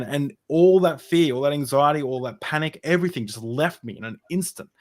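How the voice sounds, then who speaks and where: A man's voice: mid-range voice, brisk, a little mellow. A young man in an interview, telling a personal story in a rambling way, with many fillers and restarts. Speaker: podcast guest.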